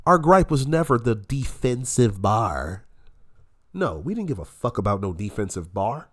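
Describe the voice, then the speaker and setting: A man's voice: mid-range voice, sing-song, measured pace. A man giving heated, profane reaction commentary, his voice nasal and congested from illness. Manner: profane, combative ranting.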